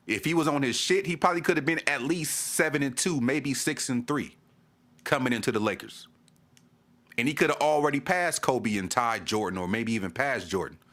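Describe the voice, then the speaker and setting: A man's voice: mid-range voice, fairly bright tone. A man vlogging a fan rant, exasperated, repeating himself and stammering as he restarts. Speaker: sports vlogger. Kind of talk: ranting fan commentary to camera.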